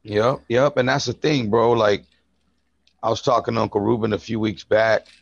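Podcast dude telling a story, swears a ton, says bro a lot, dull dry lo-fi audio. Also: male voice, on the low side, fairly even intonation, moderate pace, vocal fry, no room sound. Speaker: podcast co-host. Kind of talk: casual chat.

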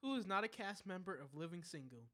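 A woman's voice: on the low side, expressive, a bit bright. Giggly young woman reading trivia. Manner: laughs often, reads questions haltingly. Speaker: trivia quiz host. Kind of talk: casual chat with friends.

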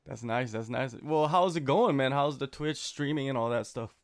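A man conducting a casual interview, relaxed and friendly, who keeps tossing in "man". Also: mid-range voice, moderate pace, dry recording, clean studio sound.

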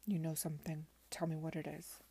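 A woman reading the part of a stern, worried gentleman who speaks curtly and gives orders. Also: sits low, level tone, fairly quick, husky.

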